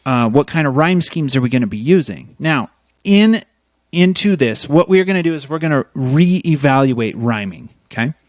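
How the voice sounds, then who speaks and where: A man's voice: on the high side, animated, normal speed, a little mellow, no room sound. A man co-hosting a casual podcast, explaining meter and rhyme in a teacherly way and checking in with "okay?" after his points. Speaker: podcast co-host. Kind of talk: casual podcast chat, explaining lyric theory.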